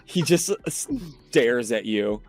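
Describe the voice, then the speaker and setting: A man running a tabletop game as game master, narrating scenes with unhurried description. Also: medium pitch, lively intonation, faint music behind.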